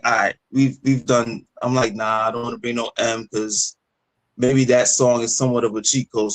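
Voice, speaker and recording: A man co-hosting a music podcast in casual, profane, animated chat over a remote call. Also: medium pitch, poor audio. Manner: animated, profane, laughs a lot. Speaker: podcast co-host.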